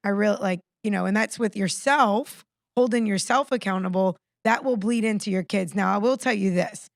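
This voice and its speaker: A woman in her thirties co-hosting a podcast, talking in an animated, fired-up, ranting way. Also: medium pitch, normal speed, vocal fry, no echo, clean studio sound. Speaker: podcast co-host. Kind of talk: casual podcast chat.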